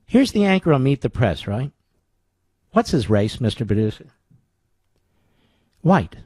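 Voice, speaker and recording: A man's voice: mid-range voice, sing-song, moderate pace, a little mellow, breathy edge, no echo. Sarcastic, combative male radio talk host. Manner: sarcastic, combative, fires rhetorical questions.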